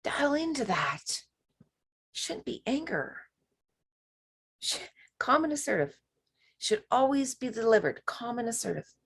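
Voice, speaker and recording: A woman leading a spiritual workshop, talking slowly and emphatically and sometimes dropping to a whisper. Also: on the high side, big pitch swings, husky. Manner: slow, emphatic, drops to whispers. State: emotional. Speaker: workshop leader.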